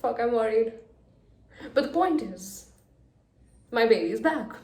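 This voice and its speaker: A young woman reacting emotionally to a book in a casual reading vlog, going from hushed gushing to loud exasperation. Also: a little high, lively intonation, measured pace. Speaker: book vlogger. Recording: echoey room.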